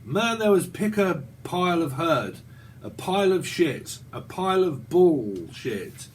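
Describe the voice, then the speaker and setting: Very animated and a little slow, a slightly high-voiced British man in his forties gives a casual tarot reading. It's rambling and profane, he laughs frequently, and there's slight background noise.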